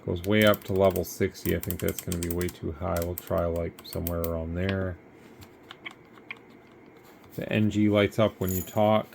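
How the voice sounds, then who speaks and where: Man, deep gravelly voice, flat delivery, tired, rambling radio demo. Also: moderate pace, pauses often, a little hiss or hum. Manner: rambling, easygoing. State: tired, yawning. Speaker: radio seller demonstrating gear. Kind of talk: casual product demo.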